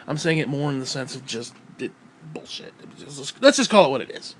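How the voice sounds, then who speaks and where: Breathless, swearing man with a lively voice. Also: medium pitch, fairly quick, slight background noise. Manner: profane, rambling, sarcastic, sighs and throat-clearing. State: short of breath. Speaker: vlogger. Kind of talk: casual ranting monologue. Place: at home with his dog.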